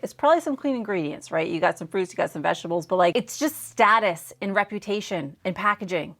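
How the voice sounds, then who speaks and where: A woman's voice: medium pitch, fairly quick, fairly bright tone. A woman hosting a reaction video, giving candid opinions with hesitant, apologetic asides. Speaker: commentary host reacting to clips. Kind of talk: casual opinion commentary.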